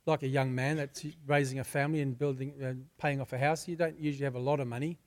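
An older man preaching a sermon, moving from prayer into a personal testimony told in a fervent, conversational way that swells to loud bursts. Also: mid-range voice, steady tone, fast talker. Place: church.

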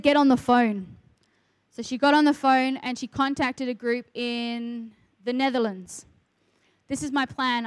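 A middle-aged woman who works in ministry shares her faith testimony earnestly, quoting the people in her story. Her voice is on the high side, with no room sound.

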